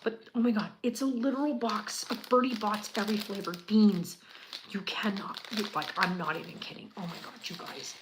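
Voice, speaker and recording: A woman chatting casually as she builds a Lego set. She gushes with a lot of fillers and often drops to a quiet murmur. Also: medium pitch, fairly even intonation, normal speed, noisy background. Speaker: channel host.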